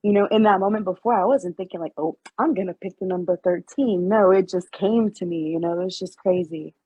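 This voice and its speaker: A woman with a mellow, husky voice shares her experience in a healing class. She speaks haltingly and emotionally, with many fillers. The sound is dry and dull. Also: fairly low pitch, dry recording. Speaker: class participant and healer. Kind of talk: sharing in a group class.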